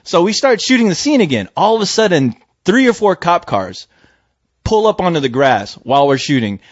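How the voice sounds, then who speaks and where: A man co-hosting a podcast, telling a story in casual chat, swearing and breaking into shouted impressions. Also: high-pitched, moderate pace, no echo. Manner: animated, swearing, jumps into loud shouted impressions of people. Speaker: podcast co-host. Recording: dry, dull lo-fi audio.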